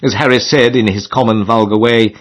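A man's voice: on the low side, steady tone, fairly quick. A man narrating a comic classic novel as an audiobook, with a dry, mock-solemn delivery. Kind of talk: scripted narration.

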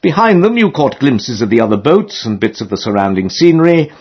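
A man narrating a comic novel in a lively, expressive way with dry humor, in a dull lo-fi recording. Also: mid-range voice, fairly quick, breathy edge. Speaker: audiobook narrator.

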